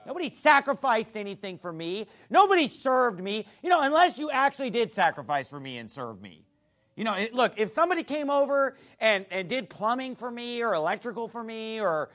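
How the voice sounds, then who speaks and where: A man's voice: sits high, a bit bright. A male pastor preaching a sermon in a church, blunt and mocking.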